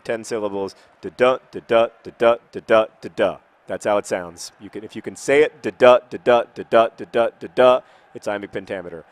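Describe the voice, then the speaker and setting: A man in his thirties rambling in casual chat while playing a football video game, self-mocking with sudden frustrated outbursts. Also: fairly low pitch.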